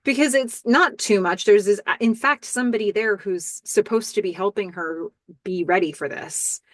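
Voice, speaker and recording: A woman's voice: mid-range voice, normal speed, no room sound. A woman hosting a podcast, chatting casually through a show recap and thinking aloud with ums and asides. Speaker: podcast host.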